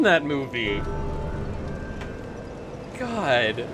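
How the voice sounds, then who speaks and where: Young streamer ranting mid-game, slow drawl but pitch all over the place, swears a lot, faint hum behind. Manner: animated, swears freely, laughs in loud bursts. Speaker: streamer playing a video game. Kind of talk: casual rant while gaming.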